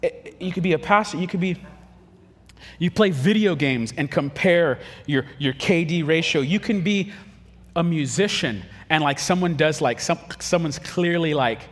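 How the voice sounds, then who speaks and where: A man preaching a casual, humorous sermon, telling stories and acting out quick quoted voices. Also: a little high, big-room sound. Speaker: pastor.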